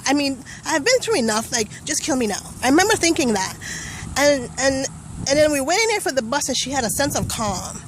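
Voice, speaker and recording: Higher-voiced young woman telling a testimonial. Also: big pitch swings, a little fast, a little hiss or hum, low-quality recording. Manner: vivid storytelling, acting out remembered voices and thoughts. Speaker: testimonial speaker. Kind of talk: personal testimonial.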